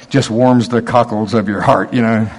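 An older man preaching a sermon, folksy storytelling, dropping to low asides and rising to loud, emphatic preaching. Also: steady tone, unhurried, husky. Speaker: pastor.

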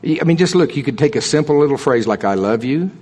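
A man's voice: a little high, fast, a little mellow, husky. A man preaching a sermon in a folksy, conversational way, emphatic and full of humorous asides.

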